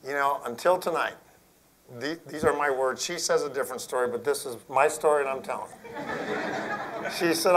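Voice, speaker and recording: A middle-aged man, an Air Force general, telling a story to school principals in a folksy, earnest way, dropping to a hush for emphasis. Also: a little high, moderate pace, long pauses, slight background noise, poor audio.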